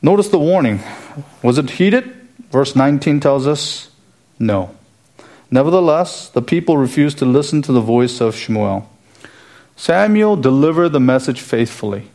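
A man delivers an earnest, expository sermon in a voice of ordinary middle pitch. He works through a passage verse by verse and presses his points with emphatic rhetorical questions. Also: lively intonation, moderate pace, darkish tone. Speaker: preacher.

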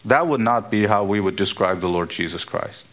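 A man preaching an expository sermon, emphatic and building to high, repeated exhortations. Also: moderate pace, fairly bright tone.

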